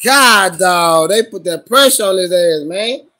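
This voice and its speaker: Loud high-voiced man hyping his team. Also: lively intonation, unhurried. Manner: loud, hyped and profane, cheering and scolding the team. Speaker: livestream host. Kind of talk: live fan reaction to a football game.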